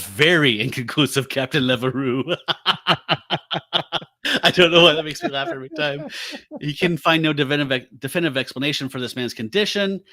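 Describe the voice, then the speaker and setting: Male podcast co-host, bright voice, dry close sound, casual chatty recap. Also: medium pitch, no room sound. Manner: relaxed, recaps and acts out quotes with laughs. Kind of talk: casual comic book discussion.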